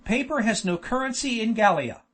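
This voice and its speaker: A man's voice: very high voice, lively intonation, moderate pace, fairly bright tone, pitched above the performer's own voice, heavily acted. A man reading an audiobook, voicing a miserly, fearful old male trader who whines and shrieks. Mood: whining. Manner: whining, shrieking lamentation.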